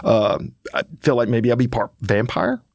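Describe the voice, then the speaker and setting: Man, fifties, animated storyteller, does voices, dry close sound. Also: medium pitch, normal speed, no room sound. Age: 50s. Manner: animated storyteller who acts out other people's voices. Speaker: podcast co-host. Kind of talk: casual chat.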